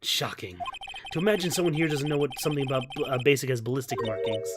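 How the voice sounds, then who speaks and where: Man voicing a cold arrogant game prosecutor, haughty, low, music behind. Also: animated, fast, lightly acted. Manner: haughty, lowered voice.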